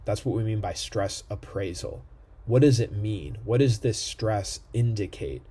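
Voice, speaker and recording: Man lecturing to camera, dark slightly husky tone, lots of "right?" check-ins. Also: on the low side, unhurried. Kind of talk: recorded online lecture. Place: indoor room near a street.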